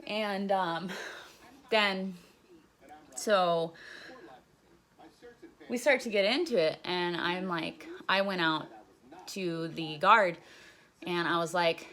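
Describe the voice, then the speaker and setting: A young woman with a fairly low, fairly bright voice takes her time, leaving long pauses as she recounts being in jail. The story rambles casually, with plenty of profanity and heavy use of "like."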